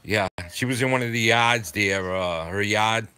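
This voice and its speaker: Older man, southeastern Massachusetts accent, low and bright, halting livestream chatter. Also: smooth. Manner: rambling, halting, full of fillers. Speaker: livestream host. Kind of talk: casual chat reading viewer comments.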